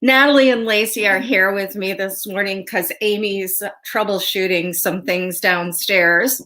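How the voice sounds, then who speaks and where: A woman's voice: mid-range voice, steady tone, unhurried, pushed and bright. A woman hosting a casual livestream tarot show, chatty and friendly with viewers, laughing often and a little stuffy from a sinus cold. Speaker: host and tarot reader.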